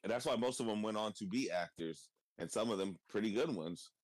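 Low dude rambling and cussing on a podcast, dry close sound. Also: male voice, fairly quick, no echo. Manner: rambling, swears freely, many fillers. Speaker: podcast co-host. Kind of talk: casual chat.

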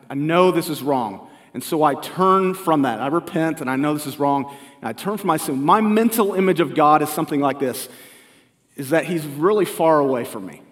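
Preaching man in a reverberant church. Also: fairly high pitch. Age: 40s. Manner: earnest, conversational preaching with rhetorical questions to the congregation. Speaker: family pastor. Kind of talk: sermon. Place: church sanctuary. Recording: live church recording with long hall reverb.

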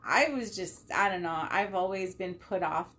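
A woman's voice: on the low side, normal speed, fairly bright tone. A woman in her thirties chatting casually about home cooking, laughing often and swearing now and then. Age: 30s. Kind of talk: casual chat.

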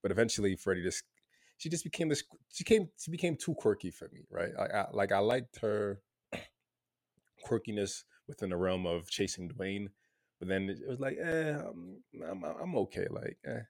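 Chill guy rambling about tv, lowish voice, dry close sound. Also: expressive, normal speed, no echo. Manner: laid-back, many fillers and restarts. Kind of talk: casual chat.

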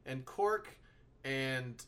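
Man, casual podcast chat, animated storyteller, very expressive pitch. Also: extremely slow, clean tone. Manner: animated storytelling, swears freely.

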